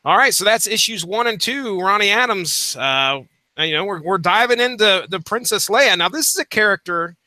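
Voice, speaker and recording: A man hosting a comics podcast, recapping a story and then pressing his co-hosts with questions in an animated way. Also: high voice, moderate pace, dry recording. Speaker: podcast host. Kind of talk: casual podcast discussion.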